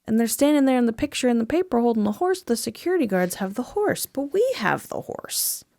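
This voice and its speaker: A woman recapping a movie on a podcast in a rambling, casual way, full of fillers and quick acted-out quotes. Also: fairly high pitch, expressive, creaky, dark tone, no echo, studio quality.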